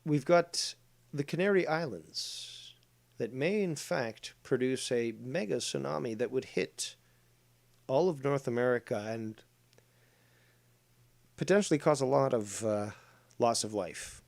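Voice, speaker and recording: A man commenting on clips in a crude, blunt rant, loud at one moment and muttering low asides the next. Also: lively intonation, a little slow, vocal fry, long pauses. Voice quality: profane and blunt, swings between loud rants and low asides.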